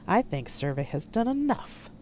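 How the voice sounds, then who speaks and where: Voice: medium pitch, very animated, normal speed, darkish tone, slight background noise, voice pushed up, lightly acted. A narrator voicing a hostile young male extremist agent who speaks in sneering threats, in an audiobook reading. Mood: threatening.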